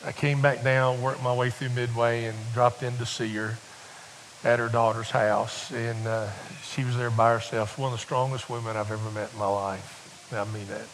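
A man's voice: medium pitch, little pitch movement, moderate pace, poor audio. Folksy preacher man with a faint hiss. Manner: folksy, rambling storyteller with many restarts, building to fervent exhortation. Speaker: visiting preacher. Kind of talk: sermon with personal storytelling.

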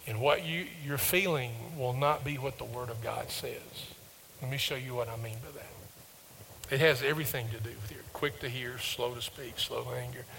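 A man's voice: normal speed, vocal fry, slight background noise, low-quality recording. A man preaching a sermon to a congregation, calling for the room to repeat verses back to him. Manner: call-and-response, gets louder and higher reading verses.

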